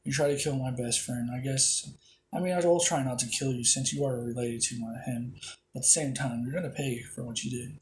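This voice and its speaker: A man's voice: mid-range voice, steady tone, brisk, a little hiss or hum, lightly acted, rough recording. A man voicing a hot-headed young male magic knight, who curses and threatens in his own everyday voice. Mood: cold, threatening. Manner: angry, cursing, threatening.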